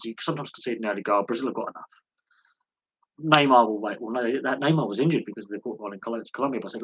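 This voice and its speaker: A man hosting a live sports Q&A, telling rambling anecdotes with lots of restarts and animated quoted dialogue. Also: medium pitch, quick pace, husky, no room sound, dull audio. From United Kingdom. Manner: rambling storytelling with frequent restarts and animated quoting. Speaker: host of a sports channel. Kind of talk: casual live Q&A chat.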